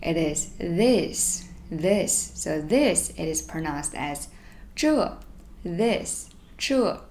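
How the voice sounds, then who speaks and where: Slow, low-voiced Mandarin teacher woman. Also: animated, darkish tone, slight background noise. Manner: reads each sentence slowly twice, then explains in English. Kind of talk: language lesson.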